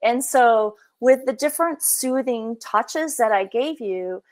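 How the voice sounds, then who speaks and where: A woman's voice: a little high, expressive, takes it slowly, darkish tone. Chatty woman leading a workshop. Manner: casual, with many fillers like "you know" and "like". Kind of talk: conversational workshop talk.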